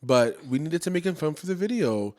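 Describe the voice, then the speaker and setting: A man's voice: a little high, big pitch swings, a little fast, a little mellow. A young man co-hosting a casual podcast, talking in a loose, rambling way and joking along. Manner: easygoing, rambling, self-correcting. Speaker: podcast co-host. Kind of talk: casual chat.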